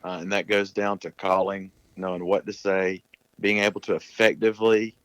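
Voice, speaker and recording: A man's voice: deep voice, flat delivery, moderate pace, a bit bright, smooth, no room sound, muffled recording. A man talking casually as a podcast guest, explaining at length in a plain-spoken way. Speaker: guest, turkey hunter.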